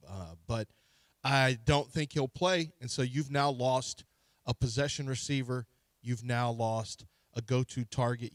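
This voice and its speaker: A man co-hosting a sports radio show, breaking down team news in a conversational, measured way. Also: medium pitch, dry recording, studio quality.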